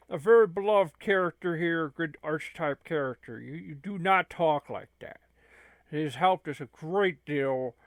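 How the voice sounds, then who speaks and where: A man's voice: on the high side, normal speed, no room sound. A man hosting a gaming channel, rambling and stammering through an improvised comedy skit. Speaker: channel host.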